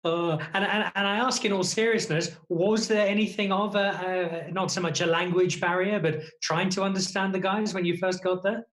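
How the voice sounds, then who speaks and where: A man hosting a talk show, interviewing guests remotely with lively, jokey questions. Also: high voice, normal speed, few pauses. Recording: echoey room.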